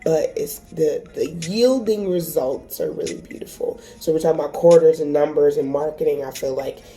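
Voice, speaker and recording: Dark-voiced, sassy woman reading tarot. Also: deep voice, animated, normal speed, faint music behind. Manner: emotional, swears freely, sassy and encouraging. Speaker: tarot reader. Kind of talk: casual tarot reading to camera.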